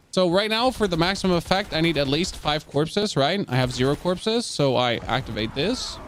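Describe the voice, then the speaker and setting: A man's voice: on the high side, expressive, moderate pace, few pauses, a little hiss or hum. A man from Germany, streaming a game live. He chats casually, answers questions from the chat and jokes between gameplay explanations.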